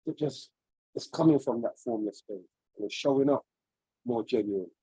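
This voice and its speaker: Earnest man with a husky voice. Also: mid-range voice, moderate pace, mellow, no room sound, rough recording. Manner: earnest, searching, rambling reflection. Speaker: webinar participant. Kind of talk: personal sharing in a group call. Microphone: video call.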